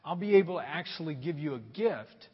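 A male pastor preaching in a relaxed, storytelling way, with jokes mixed in. His voice sits high and has a husky grain. The recording is dull and carries a long echo from the sanctuary. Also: brisk. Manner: conversational, joking storyteller. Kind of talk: sermon.

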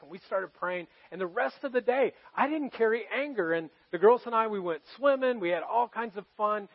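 A man preaching a heartfelt sermon in a noticeably high voice, confessing his own struggles to the congregation. He moves between ringing emphasis and near-whispered moments. The recording sounds dull and muffled. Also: expressive, brisk, few pauses. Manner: earnest, confessional storytelling to a congregation, swinging from loud to hushed. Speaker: pastor.

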